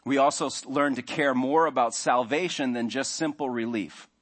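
A man preaching in a relaxed, conversational way. His voice sits at an ordinary middle pitch, and he slips into short, acted-out inner voices to make his points. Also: normal speed. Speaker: pastor. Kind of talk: sermon.

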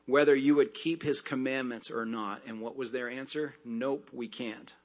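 A man preaching a sermon, reading scripture aloud and breaking off into conversational asides and quick jokes. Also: medium pitch, steady tone. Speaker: pastor.

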